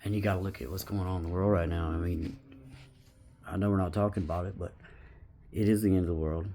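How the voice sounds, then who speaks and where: A man's voice: low voice, steady tone, fast talker, mellow, slight background noise. A man in his fifties giving a rambling spiritual monologue to his viewers, often dropping into an intense whisper. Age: 50s. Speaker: vlogger.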